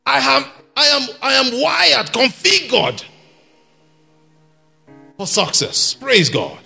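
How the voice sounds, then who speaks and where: A man preaches in a bright, husky voice that is gravelly at the edges. He speaks slowly and drawn out, then shouts his main points. Faint music plays behind him. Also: extremely high pitch. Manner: animated, shouts key points and laughs with the congregation. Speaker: guest preacher. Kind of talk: sermon. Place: church hall with an audience.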